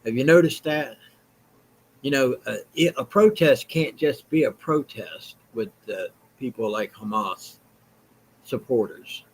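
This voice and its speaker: A man's voice: mid-range voice, animated, measured pace, slight background noise, rough recording. A man with a Southern US accent hosting a vlog, giving blunt, rambling opinion commentary in a plain-spoken way. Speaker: vlog host.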